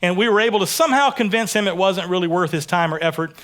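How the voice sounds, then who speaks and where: A man from Texas preaching a sermon in a relaxed, conversational way, often repeating words as he builds his points. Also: sits high, quick pace. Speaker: pastor. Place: church sanctuary.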